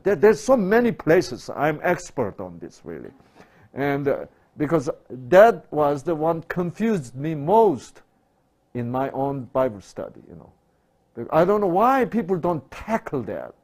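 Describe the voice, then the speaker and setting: A middle-aged male pastor preaching a sermon, asking rhetorical questions and swinging from loud to hushed. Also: a little high.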